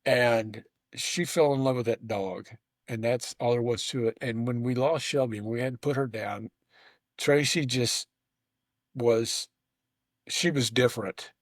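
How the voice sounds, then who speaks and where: Male host, rambling conversational storyteller, stammers and restarts, mid-pitched, dry close sound. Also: steady tone, unhurried, no echo. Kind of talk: casual conversation.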